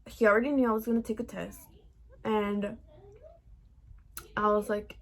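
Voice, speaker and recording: A woman's voice: mid-range voice, little pitch movement, normal speed. A young adult woman telling a casual, profane storytime vlog, peppered with "like". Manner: chatty, profane, heavy use of "like". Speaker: vlogger.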